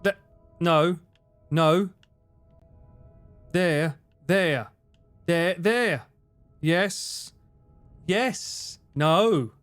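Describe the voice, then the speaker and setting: This fortysomething streamer has an Essex accent and a slightly high, bright, smooth voice, talking very slowly with long pauses. Game music plays as he chats live, cursing, cracking jokes and laughing frequently.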